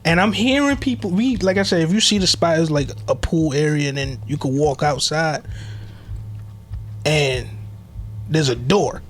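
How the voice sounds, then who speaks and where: A man's voice: on the high side, measured pace, pauses often, faint music behind. A man co-hosting a podcast, telling wild stories in loose slang and laughing often. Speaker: podcast co-host. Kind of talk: casual chat, storytelling.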